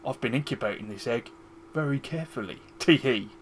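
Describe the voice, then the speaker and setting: A man's voice: medium pitch, fairly quick, slight background noise, natural voice. A man doing a chirpy Cockney farm girl.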